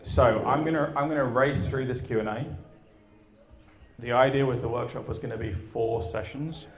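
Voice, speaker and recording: A man speaking at a live event, telling a story and asking his audience questions in an energetic way, then taking questions. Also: mid-range voice, normal speed, slight background noise. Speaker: conference speaker. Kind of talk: live talk and Q and A.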